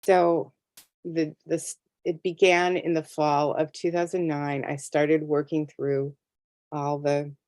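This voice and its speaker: A woman's voice: sits low, level tone, takes it slowly, a little mellow, no room sound. A middle-aged woman, a tarot artist, telling a story in a casual interview and acting out her own reactions. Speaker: tarot deck artist and guest.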